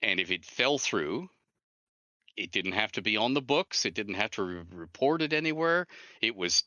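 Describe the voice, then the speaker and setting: Animated, bright-toned male storyteller. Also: fairly low pitch, moderate pace, dry recording, lo-fi sound. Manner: animated storyteller who acts out dialogue. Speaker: guest, author and game designer. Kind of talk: interview storytelling.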